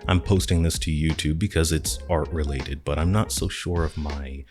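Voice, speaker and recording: A man with a deep, low voice talks through a reflective podcast monologue. His delivery is earnest and encouraging as he addresses his listeners. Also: steady tone, moderate pace, over music. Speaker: podcast host and artist.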